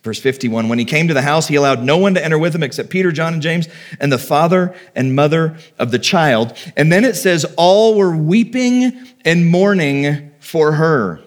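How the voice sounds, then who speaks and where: A man's voice: a little high, a little fast. A man preaching a sermon, reading scripture aloud and retelling it in a conversational, heartfelt way with personal stories. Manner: conversational, reads scripture then retells it with feeling. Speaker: pastor.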